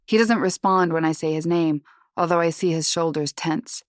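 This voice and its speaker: A woman reads a first-person suspense audiobook in a low, measured voice. She sounds tense and subdued throughout. The recording is close and dry, with no room sound. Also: no echo. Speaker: audiobook narrator.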